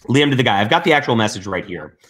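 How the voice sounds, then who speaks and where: A man's voice: medium pitch, very animated, a little fast, crowd noise. Man joking through a co-hosted podcast. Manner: reads a message aloud in a put-on mocking voice, laughing. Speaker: podcast co-host. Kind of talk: casual mocking commentary.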